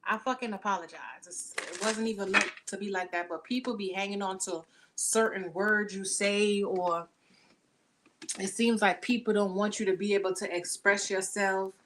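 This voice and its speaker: A woman's voice: mid-range voice, fairly even intonation, moderate pace, background noise. A woman giving a casual tarot reading to camera, talking in blunt, slangy, profane chatter into the camera mic. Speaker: tarot reader.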